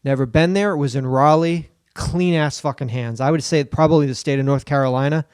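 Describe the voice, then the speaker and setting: A man on a comedy podcast, his voice sitting a touch high, riffing loosely and cursing freely. He keeps breaking into silly put-on voices. The mic is close and the sound is dry, with no room around it. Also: brisk, darkish tone, clean tone, dry recording. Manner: riffing, profane, slips into goofy put-on voices. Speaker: podcast co-host. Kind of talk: casual comedic banter.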